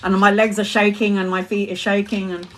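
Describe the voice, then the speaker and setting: A woman, a mother hosting a live tarot stream, tells a personal story in a casual, animated way, swearing often and laughing between lines. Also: mid-range voice, fairly quick, a little hiss or hum. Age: adult mother. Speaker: tarot reader and livestream host.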